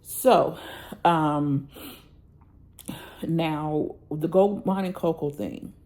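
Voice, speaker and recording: A woman's voice: low voice, very slow, dark tone. A woman venting on her vlog about a bad order, angry and blunt, checking in with her viewers. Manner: angry, venting, addresses viewers with "y'all" and "okay?". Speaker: planner vlogger. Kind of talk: casual ranting vlog.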